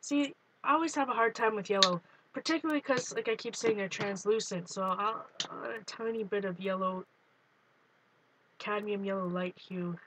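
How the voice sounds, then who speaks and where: A woman's voice: medium pitch, moderate pace, noisy background. A woman hosting a live art journaling stream, chatting casually and greeting viewers by name while she works. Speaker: art journaling livestream host.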